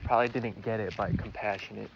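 Here the vlogger's voice is gravelly and fairly low, steady in tone and quick. He wanders outside chatting to the camera in a confessional, self-mocking ramble laced with swearing, captured in a muffled recording thick with ambient noise.

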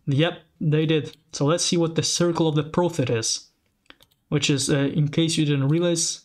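A man hosting a casual commentary, reading lore aloud and reacting with excited, rambling asides. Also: a little high. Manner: excitable, rambling, frequent restarts and exclamations. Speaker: channel host.

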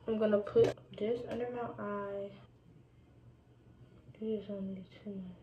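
A woman's voice: mid-range voice, steady tone, measured pace. A young woman vlogging casually while doing her makeup, talking to her viewers and sometimes dropping to a whisper. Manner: chatty, addresses viewers as y'all, drops into whispers. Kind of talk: casual get-ready-with-me chat. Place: indoors at home doing makeup. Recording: echoey room, dull lo-fi sound, faint noise.

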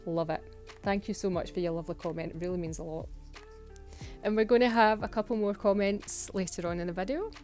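A woman's voice: mid-range voice, a little fast, darkish tone, soft background music. A Scottish woman chatting through a home voice-over for her nail art videos, self-mocking and laughing often. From Scotland. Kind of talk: casual voice-over narration.

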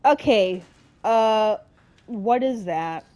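A woman's voice: mid-range voice, lively intonation, very slow, warm tone. A young adult woman commenting on a horror game as she plays, swearing often and reacting dramatically to every scare. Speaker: let's play gamer.

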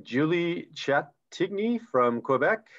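A man's voice: a little high, sing-song, slow pace, a bit bright. Enthusiastic man on dull video-call audio. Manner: enthusiastic, chatty explaining ranks. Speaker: co-host reading recognition names. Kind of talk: live online recognition announcing.

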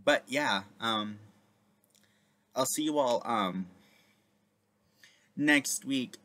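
A man's voice: medium pitch, very slow, pushed and bright. A man, the video creator, chatting casually and rambling with many fillers. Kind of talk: casual reaction chat.

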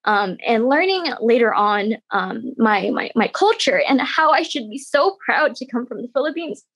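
Young woman, earnest and halting, slightly high voice, dry video-call audio. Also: animated, a bit bright, husky, dry recording, poor audio. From United States. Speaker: panelist. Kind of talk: candid personal testimony on a video call.

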